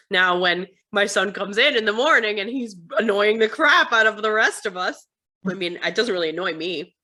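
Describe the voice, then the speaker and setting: Bright, animated American woman. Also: fairly low pitch. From United States. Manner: animated storytelling, acts out her sons' voices. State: tired. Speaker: interview guest. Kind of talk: casual interview chat.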